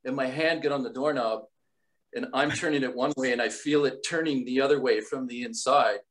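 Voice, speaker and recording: A man with a middle-range voice tells an animated story at a cast reunion. He stammers and restarts his sentences as he rushes through it. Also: mid-range voice, rough recording. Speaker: actor on a cast reunion panel.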